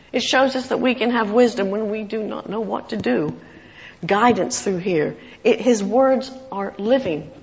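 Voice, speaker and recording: A woman preaches in a church hall, spinning an anecdote and acting out the lines. Her voice sits at a middle pitch and carries a long reverb tail. The recording sounds a little dull and muffled. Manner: storytelling with acted quotes, warm chuckles. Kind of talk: sermon.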